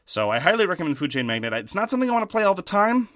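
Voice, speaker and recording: A man co-hosting a casual board game podcast, talking things through in a thoughtful, measured way and often restarting his sentences. His voice is bright and forward, recorded close and dry with no room sound. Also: high voice, sing-song, no echo. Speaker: podcast co-host.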